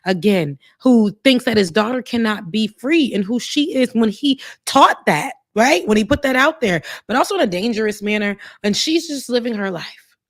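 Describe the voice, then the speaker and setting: A woman of Haitian background co-hosting a podcast, animated and opinionated, sometimes mocking. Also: fairly high pitch, moderate pace, no echo, clean studio sound. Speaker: podcast co-host. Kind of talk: casual opinion talk.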